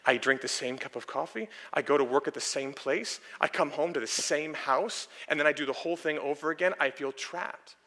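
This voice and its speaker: A tired suburban husband drones on flatly about his stuck routine, as a preacher acts him out in his sermon. The voice drops a little lower and quieter than the preacher's own, still bright in tone. The long reverb of a church hall trails behind him. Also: brisk, few pauses. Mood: resigned. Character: weary suburban husband feeling trapped by routine.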